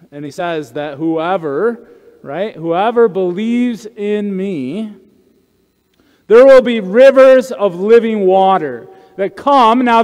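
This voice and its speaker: In a church sanctuary, a male pastor preaches a conversational sermon, often adding asides to check in with the congregation. His voice is high-pitched with a darkish tone, and the room gives it a long reverb.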